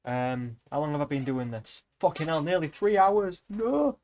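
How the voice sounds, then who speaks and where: A man's voice: a little high, expressive, normal speed, a little mellow. A young man streaming, chatting to viewers in a rambling, offhand way and swearing casually. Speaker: livestreamer.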